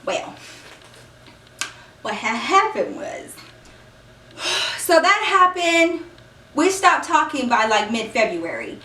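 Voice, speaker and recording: A woman's voice: sits high, big pitch swings, slow, long pauses, bright, forceful tone, roomy sound, recorded from a distance, a little hiss or hum. A young woman in a storytime vlog, animatedly telling a personal story and acting out the dialogue. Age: young adult. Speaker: vlogger.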